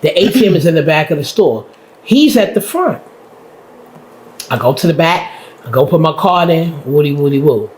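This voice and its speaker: A woman telling a story with animated energy, laughing and breaking into shouts. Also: sits low, normal speed, pauses often, reverberant, slight background noise. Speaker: podcast guest.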